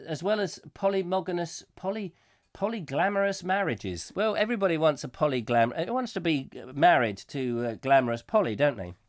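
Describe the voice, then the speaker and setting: Rambling male livestream host with a cold. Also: on the high side. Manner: rambling, reads out viewer comments. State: has a cold. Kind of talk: casual live-stream chat.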